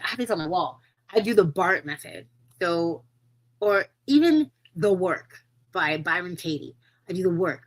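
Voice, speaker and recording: A woman's voice: medium pitch, a bit bright, poor audio. A woman hosting her own podcast, talking casually and earnestly, with many fillers, and encouraging her listeners. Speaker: podcast host. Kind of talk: casual solo podcast talk.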